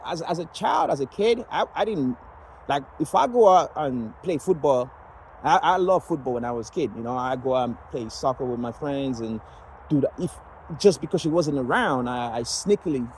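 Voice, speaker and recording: A man's voice: mid-range voice, darkish tone, slight background noise, rough recording. Rambling man from Nigeria. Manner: rambling, many fillers and restarts. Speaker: vlogger sharing personal story. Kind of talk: casual personal storytelling.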